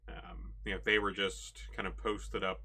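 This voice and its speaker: A deep-voiced man running a tabletop game, his tone bright and forceful despite the low pitch. He narrates loosely, stringing scenes together with "like" and "you know". The delivery is casual and improvised. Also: flat delivery, normal speed. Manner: rambling, full of "you know" and "like". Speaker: game master.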